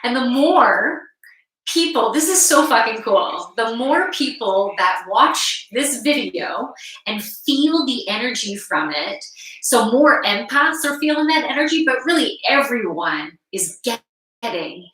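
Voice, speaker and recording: Woman live streamer, slow, bright and giggly, frank and sweary, set back from the mic in an echoey room. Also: fairly high pitch, sing-song. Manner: giggly, laughs often between phrases. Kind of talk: casual live-stream chat. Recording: roomy echo, mic at a distance.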